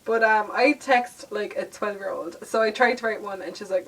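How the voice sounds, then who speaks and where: A woman's voice: mid-range voice, steady tone, brisk, fairly bright tone, slightly rough. Chatty Irish young woman, a little distant. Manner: chatty, laughing, lots of fillers. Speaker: vlogger. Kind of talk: casual storytelling to camera.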